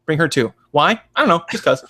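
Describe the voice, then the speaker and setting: A man's voice: a little high, animated, fairly quick, sharp tone. A man co-hosting a podcast, riffing sarcastically and swearing as he mocks what he reads, often slipping into mocking voices. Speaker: podcast co-host; advises parents. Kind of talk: casual comedic commentary.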